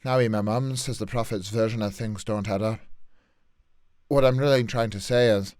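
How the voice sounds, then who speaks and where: A man's voice: on the low side, steady tone, moderate pace, darkish tone, clean tone, no room sound, clean studio sound, natural voice. A man voicing an earnest young male student wizard with a put-on Irish accent.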